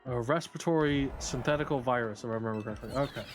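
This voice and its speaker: A man's voice: medium pitch, rapid-fire, over music. A man live-streaming a video game, chatting casually with viewers in a profane, rambling, joking way.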